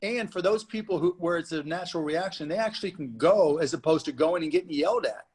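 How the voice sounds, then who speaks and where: A man talking as a panel guest, his voice sitting a bit high. He speaks animatedly and slips into acting out loud, rowdy audience members. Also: quick pace, husky. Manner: animated, acts out shouting moviegoers. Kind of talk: panel discussion.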